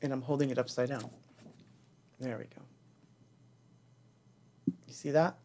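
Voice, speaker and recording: A man's voice: mid-range voice, fairly even intonation, a little slow, a little mellow, a little hiss or hum. Candid rambling middle-aged man. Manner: candid, rambling, acts out quoted voices. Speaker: band member telling his story. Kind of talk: casual storytelling livestream.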